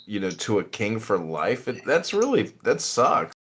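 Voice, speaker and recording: Podcast host guy, blunt and swears a lot, pitch all over the place. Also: measured pace, background noise. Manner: animated, profane, mocking. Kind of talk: casual chat.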